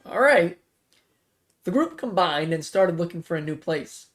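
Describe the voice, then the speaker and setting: A man reading a fan-written zombie story aloud in a plain, quick manner, jumping louder for dialogue. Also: a little high, lively intonation. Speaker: story reader.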